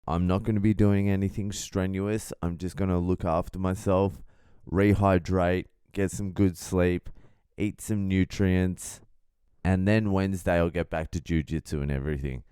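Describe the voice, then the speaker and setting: A man's voice: low-pitched, steady tone, normal speed, mellow, smooth, no echo, studio quality. Blunt, profane male comedian. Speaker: podcast host, comedian. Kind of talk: casual storytelling monologue.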